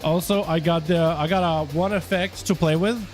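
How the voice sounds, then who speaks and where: A young male gaming streamer with a high voice, talking loosely and swearing freely as he greets his chat. His talk is casual and rambling. Soft music sits quietly behind him. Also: steady tone, moderate pace. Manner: loose, profane and chatty with viewers. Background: faint music.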